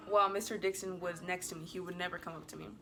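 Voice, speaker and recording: This woman vlogger speaks briskly in a fairly low voice that sounds pushed and bright. Her casual storytime to camera is chatty and rambling, heavy on "like," and full of giggles, bubbliness, and playful apologies.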